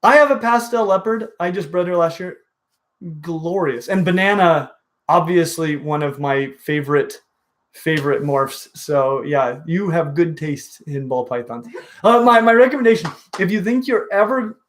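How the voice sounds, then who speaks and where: A man hosting a casual reptile livestream, enthusiastic and full of halting restarts. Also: a little high. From dry western region. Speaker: reptile show host.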